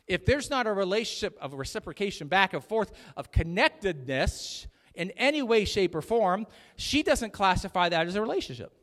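A man's voice: high voice, expressive, moderate pace, few pauses, fairly bright tone. A middle-aged male pastor preaching a chatty, joking sermon, calling out to his congregation. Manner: chatty, jokey preaching with audience call-outs. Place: church sanctuary. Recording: long hall reverb.

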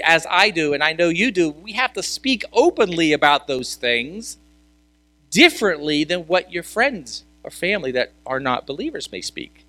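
A man's voice: high voice, sharp tone, no echo. A male pastor preaching a sermon in a conversational way, asking rhetorical questions and repeating key words for emphasis.

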